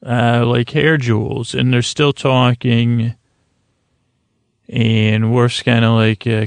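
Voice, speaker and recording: A man talks through an episode in a relaxed, meandering recap, full of hesitations and restarts. His voice is gravelly and fairly monotone. The sound is close and dry. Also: medium pitch, slow, dry recording. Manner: rambling, hesitant, lots of fillers. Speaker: podcast host.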